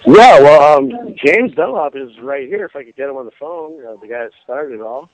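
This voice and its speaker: A man's voice: on the high side, a little fast. A man phoning into a show, casually telling a surfing story and acting out the people in it. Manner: animated storyteller, acts out quoted voices. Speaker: phone-in guest, surf instructor. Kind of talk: casual phone chat, storytelling. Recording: dry, tinny phone line.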